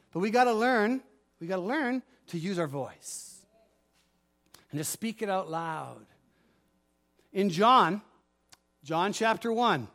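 A male pastor preaching a sermon, moving between forceful commands and quieter asides, and often asking the congregation if they follow. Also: sits high. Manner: preaching with rising fervor, commanding declarations; asks the congregation for responses.

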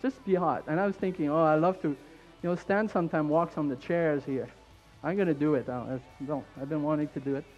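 A man with a French Canadian accent preaching a fervent sermon in church, repeating his points and building up to shouts. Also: on the high side, brisk, dull audio, faint music behind.

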